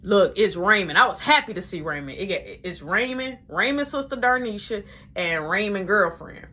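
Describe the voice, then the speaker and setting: A woman telling a long personal story in casual slang, animated and acting out every voice. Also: medium pitch, moderate pace.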